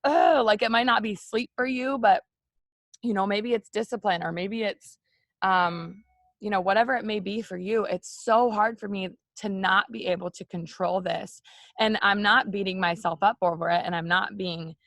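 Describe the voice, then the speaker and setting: A woman's voice: medium pitch, steady tone, normal speed, fairly bright tone, dry recording, clean studio sound. A woman hosting a casual morning video chat, speaking openly and directly to her viewers as "you guys", with many "like" and "you know" fillers. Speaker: host of a morning live video for women.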